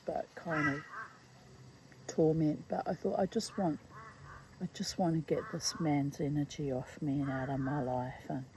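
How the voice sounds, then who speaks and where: A middle-aged woman reading aloud from her own memoir, reflective and halting, with frequent asides. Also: sits low, mellow, slight background noise, low-quality recording. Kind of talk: personal storytelling read aloud.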